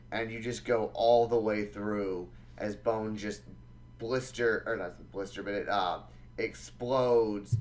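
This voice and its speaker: Low-voiced slow dungeon master. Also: male voice. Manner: relaxed, halting with fillers. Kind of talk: narrating a tabletop game.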